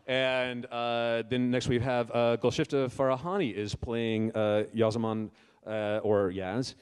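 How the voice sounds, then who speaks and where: Smooth-voiced man hosting a panel. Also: mid-range voice, level tone. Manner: halting, full of filler words and restarts. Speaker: director and panel host. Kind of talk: casual convention panel talk.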